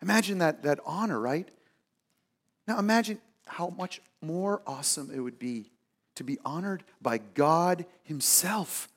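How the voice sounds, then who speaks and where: A man preaching a sermon and telling a personal story, moving from loud emphasis to hushed asides and acting out the people in it. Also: on the high side, animated, unhurried. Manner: acts out the people in his stories. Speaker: pastor.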